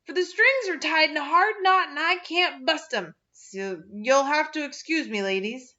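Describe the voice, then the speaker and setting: A woman's voice: high voice, moderate pace, pushed and bright, highs cut off, voice pushed up. A woman voicing a meek, embarrassed farmer who speaks in a strained, apologetic way. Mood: flustered.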